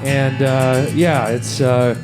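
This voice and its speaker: A man's voice: medium pitch, flat delivery, slow, music in the background. A man from Edmonton, Canada, doing a stand-up set on stage, rambling and self-deprecating with lots of fillers. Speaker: stand-up comedian. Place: comedy stage with live audience. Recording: live stage recording, loud noise.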